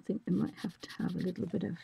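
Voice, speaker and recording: A woman hosting a live drawing tutorial, talking softly and often half-whispering as she works, her voice a little squeaky and rough. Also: steady tone, fast talker, a little hiss or hum. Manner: soft-spoken, often half-whispered while working. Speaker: art tutorial host.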